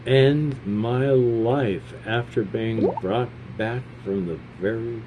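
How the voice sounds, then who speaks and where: A man's voice: mid-range voice, takes it slowly, background noise. A man in his fifties giving gameplay commentary, sarcastic and self-deprecating, rambling between bits of read-out game text. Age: 50s. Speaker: gamer.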